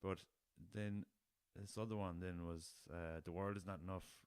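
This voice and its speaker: A man's voice: low-pitched, fairly even intonation, normal speed, darkish tone, clean tone, no echo. A young Irish man hosting a solo podcast in a casual, rambling way, laughing at his own jokes and swearing freely. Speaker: podcast host.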